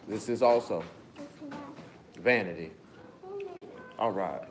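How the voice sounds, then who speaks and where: A man's voice: mid-range voice, a little fast, a crowd in the background. A man teaching a Bible study to a small group, coaxing listeners to read before turning emphatic and preachy. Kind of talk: scripture lesson to a small group.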